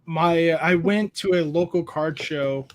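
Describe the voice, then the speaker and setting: A man with a notably high speaking voice hosts a relaxed card-collecting chat. He tells his stories animatedly and lifts his voice to act out what others said. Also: a little slow. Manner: animated, acts out quotes with a raised voice. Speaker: podcast host. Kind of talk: casual chat, storytelling.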